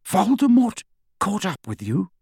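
A man's voice: a little high, sing-song, normal speed, a little mellow, husky, dry recording, studio quality, full character voice. A man voicing a stern, tense adult wizard who speaks tersely and sharply.

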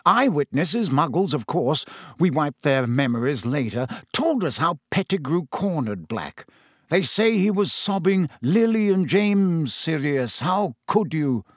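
A man's voice: on the high side, very animated, measured pace, dry recording, studio quality, pitched above the performer's own voice. Self-important official, middle-aged man read by the narrator, pompous, slightly raised voice. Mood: grave.

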